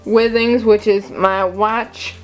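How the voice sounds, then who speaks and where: A woman's voice: medium pitch, steady tone, slow, soft background music. A young woman vlogging casually, goofy and chatty, often laughing at herself. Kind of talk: casual chat.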